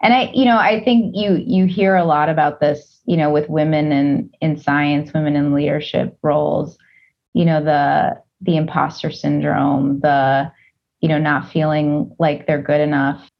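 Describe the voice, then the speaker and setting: A woman interview guest who leads a team, speaking in a thoughtful, measured way with frequent fillers. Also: low-pitched, fairly even intonation, vocal fry, highs cut off. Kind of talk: casual interview.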